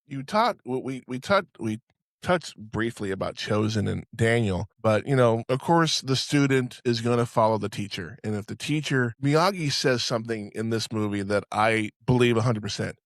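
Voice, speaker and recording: A man's voice: mid-range voice, normal speed, no echo, studio quality. A man hosting a podcast, chatting casually and bluntly about a movie with plenty of swearing. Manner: blunt, profane, acts out film lines. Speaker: podcast host.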